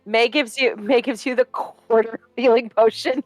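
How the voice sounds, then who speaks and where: A woman's voice: a little high, steady tone, moderate pace, slight background noise. A woman playing a tabletop game, talking in a playful, giggly way. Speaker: player.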